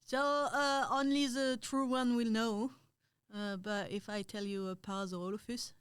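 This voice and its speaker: A woman's voice: fairly high pitch, fairly even intonation, normal speed, smooth, no echo, clean studio sound. A young woman with a French accent, a podcast guest chatting casually with frequent ums and laughter. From France. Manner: laughs often, hesitant with many ums.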